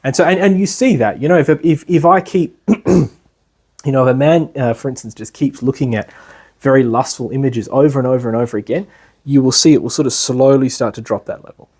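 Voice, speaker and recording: A man's voice: mid-range voice, a little fast, a little mellow, husky. A man giving a class as an instructor, talking loosely with many fillers and restarts. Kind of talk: lecture.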